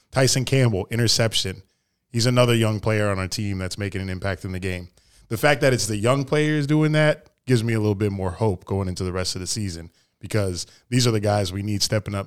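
A man's voice: fairly low pitch, clear, resonant tone. A man co-hosting a fan sports podcast, talking loosely with swearing and trailing phrases. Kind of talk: casual sports chat.

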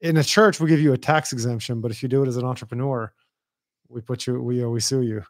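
A man's voice: medium pitch, fairly even intonation, no echo, clean studio sound. A man hosting a podcast, chatting loosely and joking with his guest. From Lebanon. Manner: loose, joking, quick to laugh. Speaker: podcast host. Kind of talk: casual chat.

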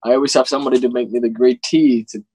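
Earnest young man with halting speech. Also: medium pitch, fairly even intonation, darkish tone, slightly rough, no room sound, poor audio. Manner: earnest, halting, many restarts and "you know". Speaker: guest, actor. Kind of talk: casual interview chat.

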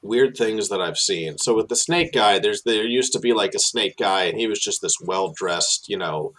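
A man, working as a tour guide, telling animated stories in casual chat with many fillers and restarts. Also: moderate pace, rough recording. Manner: animated storyteller, many fillers and restarts, drops low for asides.

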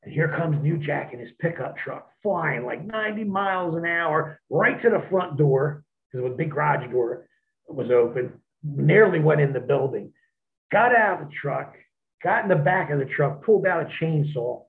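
A man, a wrestler, telling profane, animated stories as an interview guest over a phone line. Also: fairly high pitch, moderate pace, vocal fry. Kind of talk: storytelling in an interview.

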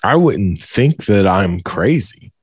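A man's voice: lowish voice, big pitch swings, slow, slightly rough, dry recording, studio quality. A young man in casual conversation, laid-back, musing aloud and swearing casually. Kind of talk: casual podcast chat.

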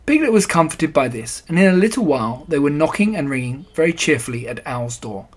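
A reader narrating a children's storybook in a gentle, even telling. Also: medium pitch, fairly quick. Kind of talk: storybook reading.

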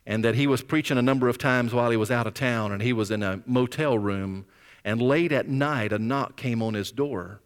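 A male pastor preaching a sermon in a conversational, animated storytelling way, with scripture readings. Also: mid-range voice, big-room sound.

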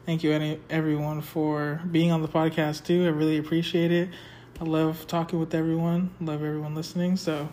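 A man's voice: a little high, a little mellow. A young man hosting a casual podcast late at night in a rented house. He sounds sleepy, rambles loosely and laughs often. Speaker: podcast host. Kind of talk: casual chat. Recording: noisy home recording.

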